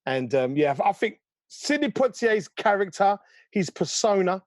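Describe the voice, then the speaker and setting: A man co-hosting a casual chat, answering thoughtfully with pauses. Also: high-pitched, sing-song, no room sound. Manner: thoughtful, pausing with ums. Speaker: co-host.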